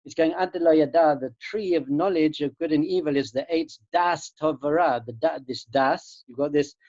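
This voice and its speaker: A man's voice: fairly high pitch, moderate pace, a little mellow, no echo. A man, a rabbi teaching students in an earnest, emphatic spiritual talk, often repeating his key phrases, heard over a video call. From England. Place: home room in Jerusalem. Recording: dull lo-fi online call audio.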